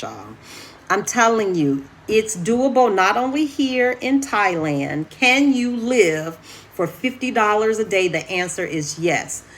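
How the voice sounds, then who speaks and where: A woman talks straight to her viewers from her own apartment, chatty and animated. She keeps calling them y'all. Her voice sits at a middle pitch, and there is a faint hiss of background noise under it. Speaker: vlogger. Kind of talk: casual chat to camera.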